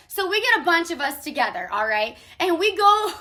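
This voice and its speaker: A woman in her thirties tells a casual story to camera, animated and quick to laugh. Her voice sits high and bright. She swears freely as she goes.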